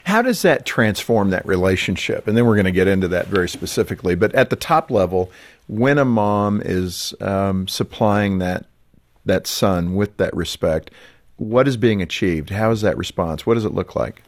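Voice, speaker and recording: Deep-voiced male radio host. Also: lively intonation, normal speed, dry recording. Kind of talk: radio interview.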